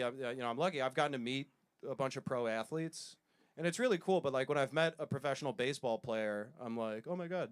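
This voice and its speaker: A man telling stories in a stand-up comedy set, self-deprecating, with quick asides. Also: mid-range voice, clean tone.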